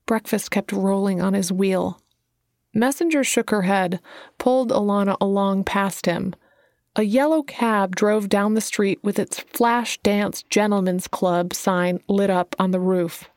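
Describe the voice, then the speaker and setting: A woman's voice: medium pitch, darkish tone, no echo, studio quality. A woman reading a story aloud and voicing each of its characters herself. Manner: reads every character herself. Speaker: audiobook narrator. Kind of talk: scripted narration.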